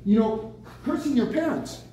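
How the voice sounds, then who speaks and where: A man preaching a lively sermon at a senior center, bursting out with excited exclamations. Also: very high-pitched, moderate pace. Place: senior center meeting room. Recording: very echoey room, mic from far off, faint noise.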